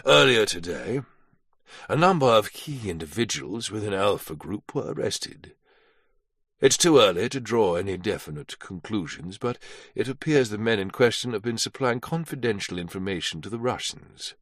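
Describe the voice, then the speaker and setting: A man voicing a senior, heavyset male intelligence director with a gravelly voice and a measured, authoritative manner. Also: on the low side, lively intonation, a bit bright, no room sound, clean studio sound.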